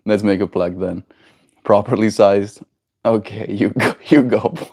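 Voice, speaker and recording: Slow-talking male streamer. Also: slightly rough. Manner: slow, relaxed, reads chat aloud and chuckles; high, sing-song baby talk to his pet bird. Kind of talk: casual live-stream chat.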